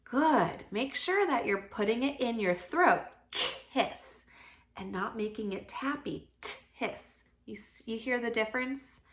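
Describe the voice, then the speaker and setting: A woman speech therapist leading a children's sound practice lesson, modeling sounds clearly and giving encouraging praise. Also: on the high side, lively intonation. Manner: slow, clear modeling of sounds with pauses for kids to repeat.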